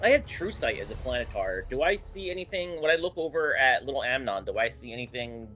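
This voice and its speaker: A man's voice: medium pitch, expressive, a little fast, sharp tone, faint music behind. A man playing in a tabletop game, hesitant and thinking aloud as he describes his moves. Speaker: player. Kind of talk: casual tabletop game talk.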